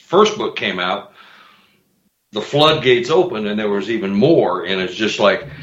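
A man's voice: fairly low pitch, a little slow. A man tells his stories with lots of energy, tripping over his words and restarting. He sounds like he's in a roomy space, and the audio is somewhat dull. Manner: animated storyteller, acts out voices, laughs, repeats words. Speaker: guest author and Bigfoot investigator. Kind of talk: casual chat.

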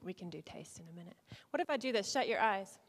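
A woman leading an interactive teaching talk to a church group, playful, swinging between loud and hushed and acting out lines. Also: medium pitch, lively intonation, fast talker, husky. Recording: long hall reverb.

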